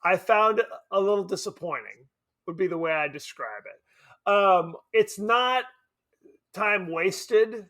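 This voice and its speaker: A man co-hosting a podcast, chatting casually about a film in an animated, joking, self-deprecating way. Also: high-pitched, slow pace. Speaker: podcast co-host. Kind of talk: casual film review chat.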